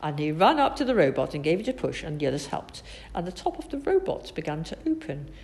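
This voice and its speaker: A woman reading a children's storybook aloud, expressive and animated. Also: deep voice, quick pace. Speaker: narrator.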